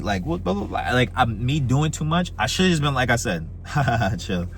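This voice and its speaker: A young man telling dating stories in a casual, animated way, acting out the quoted voices. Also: normal speed, few pauses, slight background noise. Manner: animated, acts out quoted voices with big pitch jumps. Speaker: dating advice vlogger. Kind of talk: casual storytelling monologue.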